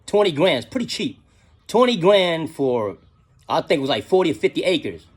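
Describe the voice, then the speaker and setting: A man's voice: on the high side, sing-song, normal speed, slightly rough. A middle-aged man telling a casual story in slangy talk, often adding "you know what I'm saying".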